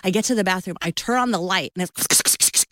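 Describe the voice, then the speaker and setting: A woman's voice: mid-range voice, fairly quick, no room sound, studio quality, soft background music. A woman in her fifties, a guest author on a radio interview, telling a story with playful acted-out voices. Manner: animated storyteller acting out voices.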